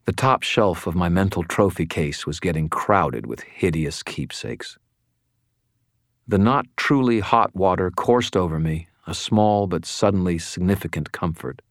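Very deep-voiced guy reading a first-person audiobook, wry and steady, dry close sound. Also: unhurried, dry recording. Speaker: audiobook narrator.

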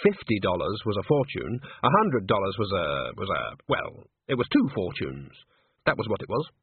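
Expressive male storyteller, husky tone; dry, thin narrow-band recording. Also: sits low, normal speed, no room sound. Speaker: audiobook narrator. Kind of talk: scripted narration.

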